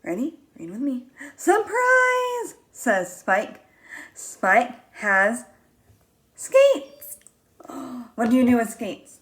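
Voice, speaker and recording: A woman reads a picture book aloud to young children at an unhurried pace. She is animated and expressive, with frequent gasps and drawn-out words. She stops often to ask the children questions. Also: fairly high pitch. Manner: asks the children questions and pauses for them. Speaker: teacher reading a picture book.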